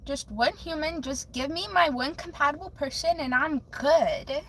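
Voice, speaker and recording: Young woman streamer, high voice, unhurried delivery, giggly and rambling chat, faint noise in the background. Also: a bit bright, low-quality recording. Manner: chatty, giggly, with frequent fillers and restarts. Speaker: livestream host. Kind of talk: casual live stream chat.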